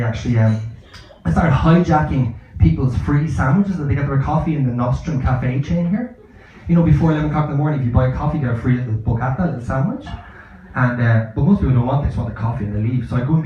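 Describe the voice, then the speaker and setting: Profane, self-mocking comedian in an echoey club. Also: male voice, on the high side, dark tone. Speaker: stand-up comedian. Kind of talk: stand-up comedy set. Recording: echoey, dull live club recording.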